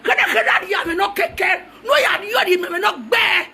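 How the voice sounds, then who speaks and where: A woman's voice: very high-pitched, expressive, a little fast, creaky, sharp tone. A Nigerian woman delivering a heated, taunting rant that switches between languages. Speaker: social media personality.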